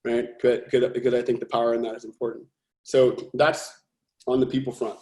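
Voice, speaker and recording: Here a company founder and CEO from California, USA, is interviewed as a podcast guest, his mid-range voice level, a little mellow, and slightly fast. Earnest and emphatic, he works through his thoughts out loud and often starts over. Roomy echo surrounds the recording.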